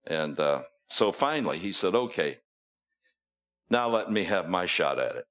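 Male preacher, low and unhurried, casual storyteller who chuckles at his asides. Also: big pitch swings, fairly bright tone. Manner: folksy storytelling, acting out quotes. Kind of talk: sermon.

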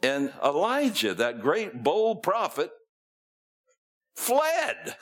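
A man's voice: sits high, huge pitch swings, very slow, a bit bright. A man preaching a sermon, retelling scripture in a folksy storytelling way, acting out the quotes and chuckling at his own asides.

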